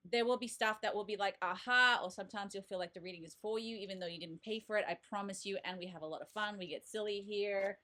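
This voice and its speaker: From her desk at home, a bubbly, chatty oracle card reader in her thirties hosts a casual live stream and calls out viewers by name. Her voice is medium-pitched and a bit bright.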